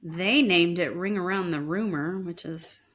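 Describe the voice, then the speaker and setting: A woman's voice: fairly low pitch, a little slow, fairly bright tone, a little hiss or hum. A woman co-hosting a podcast, telling everyday stories in a chatty, teasing way. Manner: chatty anecdote teller, teasing. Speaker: podcast co-host. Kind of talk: casual chat.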